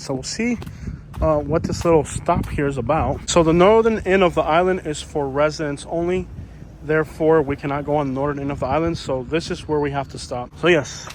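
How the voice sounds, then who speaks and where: A man vlogging as he walks an outdoor street, chatty and rambling, with many fillers. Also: a little high. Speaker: YouTuber. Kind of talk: walking vlog commentary. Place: outdoors on a storm-damaged street. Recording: faint outdoor street noise.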